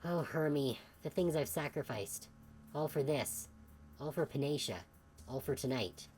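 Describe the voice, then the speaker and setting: A woman voicing a gaunt, sickly older male scientist in video game dialogue, formal and measured. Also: low-pitched, a little mellow, slight background noise. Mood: shaken.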